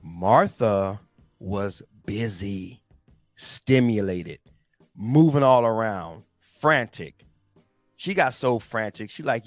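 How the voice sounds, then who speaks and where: A man hosts a motivational talk in a relaxed, slang-laced way, calling his listeners "guys" and leaning hard on his key points. He speaks slowly in a somewhat low voice. The sound is close and dry, with faint music underneath. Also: no room sound. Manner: slangy, emphatic, addresses listeners directly as guys. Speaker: motivational host. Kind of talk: casual motivational talk with scripture readings.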